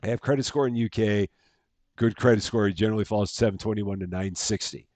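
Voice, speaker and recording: A man's voice: lowish voice, fairly even intonation, fairly quick, a little mellow, dry recording. A man chatting casually as he live-streams a game at home, thanking viewers by name and laughing at himself. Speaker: streamer playing a bank simulator game.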